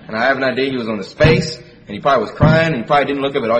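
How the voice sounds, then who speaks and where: A man's voice: mid-range voice, rapid-fire. A man delivers a sermon, reading scripture and explaining it in a plain, conversational way. He leans on repeated phrases for emphasis. The mic sits far from him, and a faint background hiss runs underneath. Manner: reads scripture in King James wording, then explains it conversationally. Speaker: preacher.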